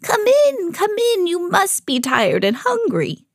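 A mom doing a slow, high sing-song old witch. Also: wildly swooping pitch, vocal fry, dry recording, clean studio sound, exaggerated voice. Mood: coaxing. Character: scheming old female witch, sweet then cruel.

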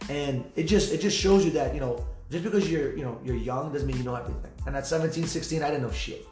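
Man, emotional podcast monologue, rapid heartfelt delivery, slightly high voice, echoey room with faint music behind. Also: darkish tone. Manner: fast, heartfelt, repetitive, swearing freely. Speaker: podcast host.

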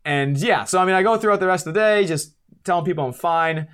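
Guy in his twenties, animated storyteller, acts out voices, swears casually, fairly high voice. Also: fast, smooth. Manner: animated, acts out quotes, swears, laughs at himself. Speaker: podcast guest.

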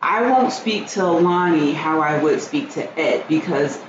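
A woman's voice: low-pitched, measured pace. A woman co-hosting a podcast, blunt and outspoken with a casual, profane way of talking. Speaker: podcast co-host. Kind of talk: casual chat. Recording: roomy, dull, noisy room sound.

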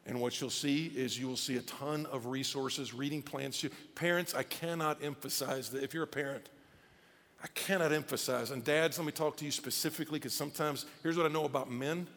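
A male pastor preaching a sermon in a conversational, animated way with casual asides, speaking. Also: mid-range voice, brisk, creaky. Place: church auditorium. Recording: long church hall reverb with faint music.

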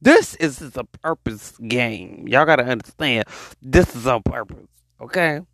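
A man hosting a podcast, ranting in an animated, preachy monologue, repeating his points. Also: medium pitch, unhurried, no room sound, clean studio sound. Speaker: podcast host.

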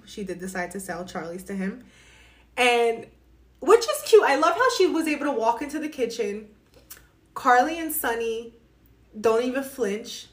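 A woman chatting casually as she recaps a soap opera, gossipy and animated, full of asides. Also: on the high side.

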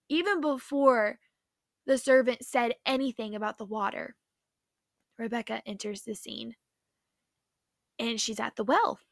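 A young woman with a bright, slightly high voice tells a Bible story to her viewers. She talks in a chatty, excitable way and fills her speech with "like". The sound is dry and close. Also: dry recording. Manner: excitable, chatty, heavy use of "like". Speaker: faith vlogger.

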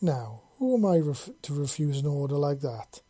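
A narrator voicing a cocky male ex-special forces soldier who jokes and growls softly. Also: medium pitch, expressive, normal speed, husky. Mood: playful.

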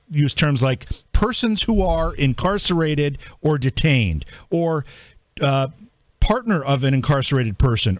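A man's voice: fairly high pitch, no echo. A man hosting a political commentary show, reading out lists and tossing incredulous rhetorical questions to his co-hosts. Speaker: host.

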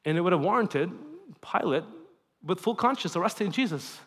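Guy preaching a sermon, pretty high voice, big echoey hall, gets loud then goes quiet. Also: brisk. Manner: animated, swings between emphatic and hushed. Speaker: pastor. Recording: long reverb in a large hall.

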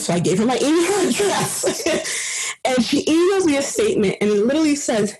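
A woman on a podcast team telling a personal story in an earnest, animated way, laughing here and there. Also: a little high, a little fast, slightly rough, low-quality recording.

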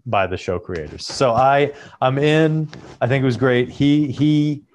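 A man's voice: mid-range voice, a little slow, a little mellow. A man co-hosting a podcast, talking enthusiastically in a casual, rambling way. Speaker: podcast co-host. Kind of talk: casual chat.

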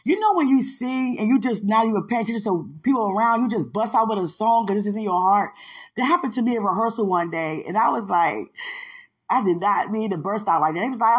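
A woman's voice: mid-range voice, expressive, normal speed, breathy edge. A woman hosting a podcast alone in a casual, chatty way, laughing often, bursting into bits of song and giving thanks to God. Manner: testifying with religious thankfulness. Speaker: podcast host. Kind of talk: casual solo chat.

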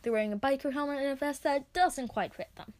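A woman reading her own story aloud, expressive as she narrates. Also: sits high, fast talker. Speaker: reader.

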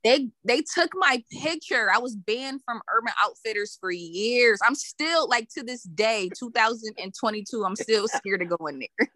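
Woman, casual storyteller, bright and lively, laughs a lot and acts out voices, dry close sound. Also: a little high, moderate pace, dry recording. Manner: animated, laughs often, acts out quoted voices.

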